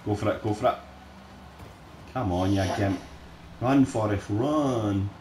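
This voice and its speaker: A man swearing and shouting at opponents while playing a game with a friend. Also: on the low side, measured pace. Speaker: gamer recording his play. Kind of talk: casual gaming chat with a friend. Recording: roomy sound with faint noise.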